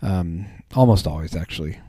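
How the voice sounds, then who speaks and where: A podcast host with a deep, mellow voice speaks at a moderate pace with no echo. He chats casually and rambles, full of ums and restarts.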